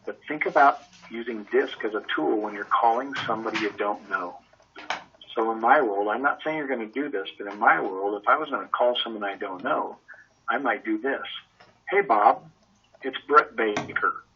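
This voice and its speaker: A man's voice: lowish voice, fairly quick, sharp tone, muffled recording, slight background noise. A man leading a sales training session over a conference call, talking energetically and conversationally and asking lots of rhetorical questions.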